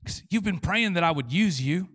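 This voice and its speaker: A man's voice: high-pitched, expressive, moderate pace, a bit bright, slightly rough. A man preaching a sermon as pastor, joking and acting out imagined prayers and God's replies. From Canada. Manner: humorous, acts out prayers and replies in quoted voices.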